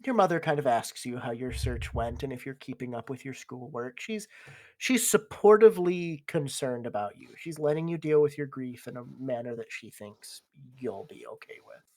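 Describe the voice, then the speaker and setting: A woman's voice: extremely low pitch, expressive, normal speed, a little mellow. A woman narrating as game master in a casual tabletop session, with fillers and frequent laughs.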